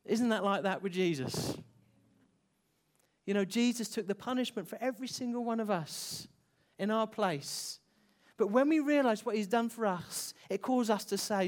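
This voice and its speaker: A preacher telling an emotional story in a sermon, slowing down and dropping soft for emphasis. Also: medium pitch.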